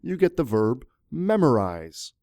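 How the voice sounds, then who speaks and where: Guy teaching english grammar, jokey and lively, slow delivery, dry mellow sound. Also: mid-range voice, dry recording. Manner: jokey, animated, talks to viewers. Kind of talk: playful scripted grammar lesson.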